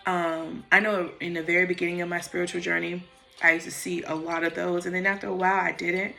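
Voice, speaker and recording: A woman's voice: fairly low pitch, flat delivery, quick pace, gravelly, bright, forceful tone, soft background music. A woman talking casually and frankly into her phone about meditation and personal growth, swearing freely. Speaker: vlogger. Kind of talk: casual spiritual monologue.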